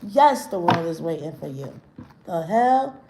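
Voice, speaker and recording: A woman's voice: on the low side, very animated, measured pace, background noise. A woman hosting a livestream, ranting in a brash, profane and confrontational way, rambling with slang and restarts, her voice echoing in the room. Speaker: livestream host. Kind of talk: unscripted livestream rant. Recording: roomy echo.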